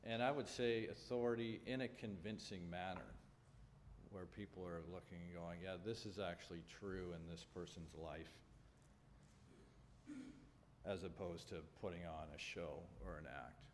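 A man with a very low voice preaches to a congregation in a large room. His delivery is earnest and measured, with pauses and restarts as he works through scripture. The sound carries a long reverb tail over faint background noise. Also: fairly even intonation. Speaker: pastor. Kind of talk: sermon with scripture reading.

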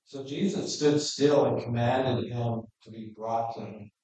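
A man's voice: medium pitch, a little slow, darkish tone, distant mic. Male pastor, casual verse-by-verse preaching, off-mic in a very live, echoey room. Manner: conversational, plainspoken, reads scripture aloud then explains. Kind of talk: verse-by-verse sermon.

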